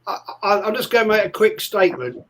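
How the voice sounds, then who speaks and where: A man's voice: high-pitched, expressive, quick pace, fairly bright tone, a little hiss or hum, poor audio. A man in a casual fan chat, making an emphatic point, repeating himself and listing statistics. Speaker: co-host of a fan podcast.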